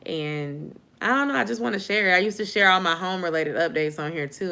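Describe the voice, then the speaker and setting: Bright-voiced sleepy woman vlogger. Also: fairly low pitch, fast talker, clean tone. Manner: chatty, informal, addresses viewers as y'all. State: sleepy, yawning. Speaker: YouTube vlogger on a live stream. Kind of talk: casual live-stream chat.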